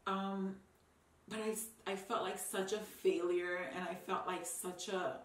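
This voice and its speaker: A woman's voice: medium pitch, steady tone, slow pace. A young woman and new mother talking to camera in a heartfelt, rambling way with many ums and restarts. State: tearful at times. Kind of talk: personal talk to camera. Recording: roomy sound, mic a bit distant.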